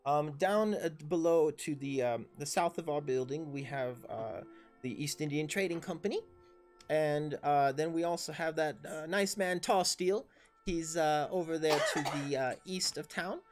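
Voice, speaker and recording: A man's voice: on the high side, unhurried, soft background music, pitched above the performer's own voice, lightly acted. A man voicing a helpful townswoman who gives directions in a chatty, hesitant way.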